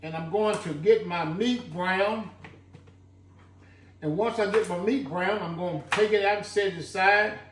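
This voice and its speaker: A fairly high-voiced man talks unhurriedly through a homemade stew recipe, peppering his talk with "look." He sounds a little distant from the mic, in an echoey home kitchen with a faint hum behind him. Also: a little slow, a bit bright. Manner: folksy, chatty, fond of saying "look". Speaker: home cooking channel host. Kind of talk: casual cooking demonstration.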